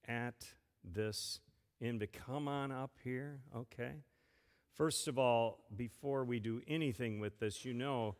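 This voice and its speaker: A man leads a children's sermon as the pastor, playful and gentle, asking a child question after question. His voice sits at an ordinary middle pitch. It carries a long reverb that rings through the church sanctuary.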